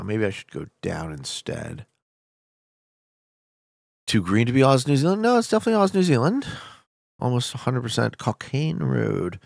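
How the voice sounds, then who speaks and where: Gravelly guy commentating his game stream, voice jumps all over, hypes then mumbles. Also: medium pitch, no room sound, clean studio sound. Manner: energetic, talks to viewers, loud hype bursts then muttering. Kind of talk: casual gameplay commentary.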